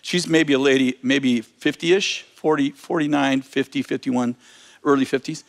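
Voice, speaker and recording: Animated storytelling preacher, man. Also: medium pitch, a little slow, creaky. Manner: animated, self-correcting anecdote telling. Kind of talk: storytelling sermon.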